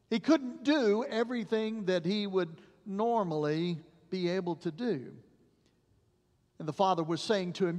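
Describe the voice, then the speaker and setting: A male pastor preaching a sermon, telling stories dramatically and dropping to a hush at the ends of phrases. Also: high voice. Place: church sanctuary. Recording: long church reverb.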